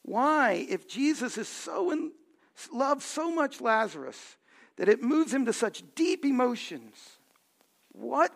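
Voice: medium pitch, gravelly. A pastor preaching a sermon, asking the congregation questions and building to emphatic points.

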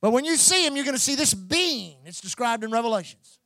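A man preaching a sermon as pastor, building to loud, repeated calls to his church. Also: very high voice, very animated, fairly quick, no room sound. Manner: preaching with rising, shouted repetition.

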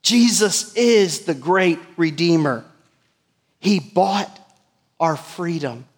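A middle-aged man preaching a sermon as pastor, swinging from emphatic peaks to hushed lines and asking the congregation questions. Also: sits high, lively intonation, slow pace, big-room sound. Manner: rises to emphatic peaks and drops to hushed asides, asks the church questions.

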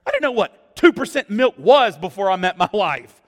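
A man preaching a sermon as pastor, animated and exclamatory, acting out what people say. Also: high-pitched, normal speed. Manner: animated, exclamatory, acts out quotes. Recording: long church-hall reverb.

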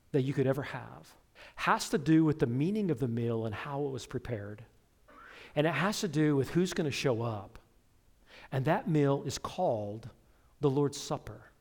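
A middle-aged man preaching a sermon as pastor, telling stories and making asides to his congregation. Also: medium pitch. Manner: conversational storytelling with asides to the congregation.

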